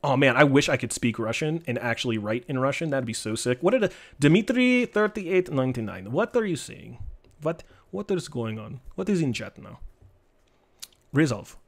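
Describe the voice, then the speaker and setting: Give me a joking, animated man commentating his card game on a live stream, with a lively up-and-down voice. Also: medium pitch, normal speed. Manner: animated, joking, trash-talking.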